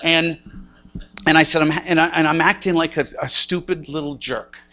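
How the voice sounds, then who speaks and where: A man's voice: on the high side, fairly even intonation, moderate pace, sharp tone. A man in his sixties preaching a sermon, telling a personal story with self-mocking humor and acted-out inner thoughts. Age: 60s. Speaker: pastor.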